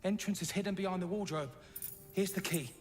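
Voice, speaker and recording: A man voices a nervous smuggler hiding out in a video game. He speaks high and sharp, with urgent, clipped phrases, and he sounds a little distant. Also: fairly quick, faint music behind, close to an everyday voice. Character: jumpy male smuggler, hiding and hurried.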